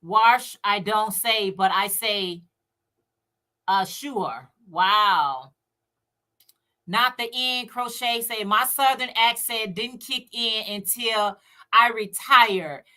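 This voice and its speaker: Woman, Chicago accent, casual livestream co-host, higher voice, chatty. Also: steady tone, slow, pushed and bright. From United States. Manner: chatty, laughs often, talks to viewers directly. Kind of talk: casual livestream chat, reading viewer comments.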